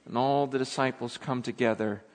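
A man preaching a sermon, animated and dramatic, acting out scripture scenes as he retells them. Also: medium pitch, fairly quick, big-room sound. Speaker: pastor.

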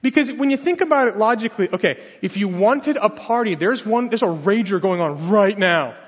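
A man delivers a sermon in an animated storytelling manner, jumping into the characters' voices as he retells the story. His voice sits a little high and slightly husky. The sound carries a long hall reverb. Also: fairly quick. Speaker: pastor.

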